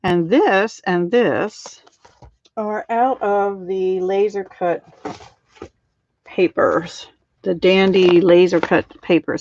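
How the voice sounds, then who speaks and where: A middle-aged woman demonstrating card making on a casual live stream, chatting with viewers by name and filling pauses with ums and little laughs. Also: fairly low pitch, a little mellow, a little hiss or hum. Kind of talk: casual live craft tutorial. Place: home craft room. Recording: dull lo-fi live stream audio.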